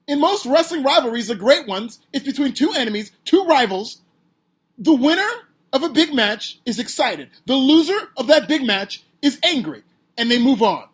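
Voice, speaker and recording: A man hosts a podcast alone, ranting with sarcastic emphasis and often rising close to a shout. His voice is slightly husky, and the pitch swings in lively leaps from low grumbles to sharp peaks. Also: moderate pace. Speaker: podcast host. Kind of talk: opinionated solo podcast rant.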